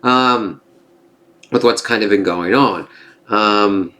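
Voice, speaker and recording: A man casually recapping and reviewing a TV episode, excitable and profane, full of "kind of" and "like". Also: on the low side, slow pace.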